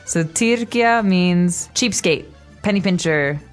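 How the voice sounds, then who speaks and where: A woman co-hosting a language lesson podcast, explaining clearly and laughing easily. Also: on the low side, takes it slowly, soft background music. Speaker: co-host, language teacher.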